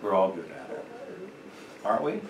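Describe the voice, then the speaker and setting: A man's voice: sits low, normal speed. Middle-aged man teaching in an echoey room. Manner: conversational, with lively acted quotes and fillers. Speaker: Bible class teacher. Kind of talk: parenting class lecture. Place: church classroom. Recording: echoey room, distant mic, noisy.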